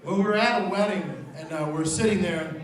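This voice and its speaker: A man's voice: high voice, normal speed. Dry-teasing man doing stand-up in a pub. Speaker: stand-up comedian. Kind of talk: stand-up set. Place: small pub stage. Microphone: far handheld camera. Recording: echoey pub from a far camera.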